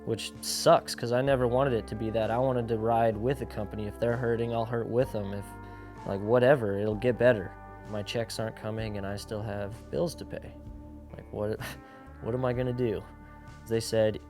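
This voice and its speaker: A man's voice: fairly low pitch, steady tone, moderate pace, a little mellow, faint music behind. A young man, a pro skateboarder, candidly telling his personal story in a casual, slangy way, filling his talk with "like" and acting out the lines of other people. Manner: casual, slangy, full of "like", acts out quoted dialogue.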